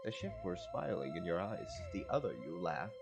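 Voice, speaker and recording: Guy reading game text out loud, lots of restarts, pitch jumps all over, music playing behind. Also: very animated, normal speed, gravelly. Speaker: gamer.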